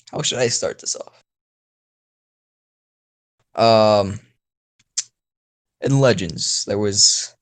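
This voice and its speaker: Young male host, improvised storytelling, loose and filler-heavy, mid-pitched. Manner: rambling, swears casually, many fillers. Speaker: channel host.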